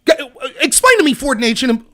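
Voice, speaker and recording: A man's voice: very high-pitched, sing-song, fast talker, sharp tone. A man hosting a political livestream, ranting heatedly and sarcastically while arguing with viewers in his chat. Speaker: show host.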